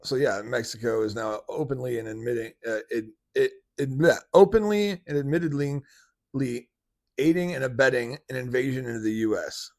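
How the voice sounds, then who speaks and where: A man's voice: mid-range voice, moderate pace, darkish tone. A man hosting a casual commentary video, rambling with many restarts and fillers. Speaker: commentary channel host.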